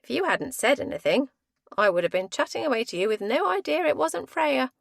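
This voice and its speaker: A woman's voice: high-pitched, sing-song, fairly quick, gravelly, no echo, studio quality, exaggerated voice. A woman narrator voicing an emphatic, teasing teenage friend at a party in an audiobook. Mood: insistent.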